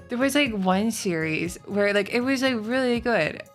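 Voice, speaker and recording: A woman's voice: fairly high pitch, moderate pace, few pauses, soft background music. A woman streamer chatting casually with her chat, ranting with lots of swearing and filler. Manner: chatty, swearing, animated rants.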